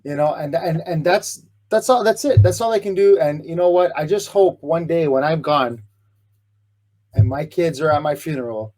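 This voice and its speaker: A man's voice: on the high side, moderate pace, a little mellow. A man hosting a podcast, speaking in an earnest, reflective, heartfelt way in casual conversation. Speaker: podcast host.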